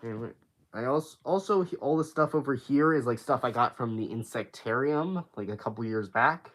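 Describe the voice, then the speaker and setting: A man's voice: medium pitch, expressive, a bit bright. Rambling teenage boy streaming from his bedroom. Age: teens. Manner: rambling, halting, many restarts. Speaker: livestream host. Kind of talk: casual livestream chat.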